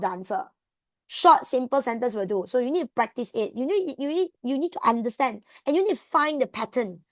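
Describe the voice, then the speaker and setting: A woman tutor with a Malaysian English accent, giving an animated exam revision lesson and drilling students with questions. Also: high-pitched, dry recording.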